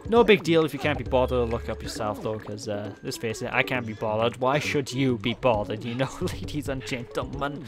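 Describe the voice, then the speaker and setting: A man's voice: medium pitch, brisk, few pauses. A man with a Welsh accent giving casual, rambling, self-mocking commentary while playing a video game. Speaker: let's play commentator. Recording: game music playing behind. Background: game music.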